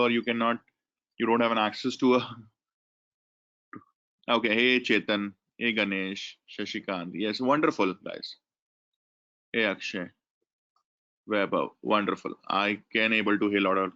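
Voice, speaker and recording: A man's voice: fairly low pitch, fairly bright tone. Coordinator, Indian English man, chatty webinar host, muffled lo-fi call audio. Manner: chatty, thanks attendees by name. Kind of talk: online class host instructions.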